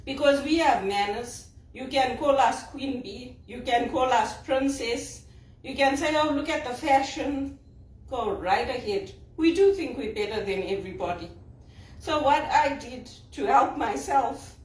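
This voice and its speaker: High-voiced woman, echoey distant mic. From Zimbabwe. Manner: wry, joking, emphatic. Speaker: vlogger and spiritual director. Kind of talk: casual talk to camera. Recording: roomy echo, mic at a distance.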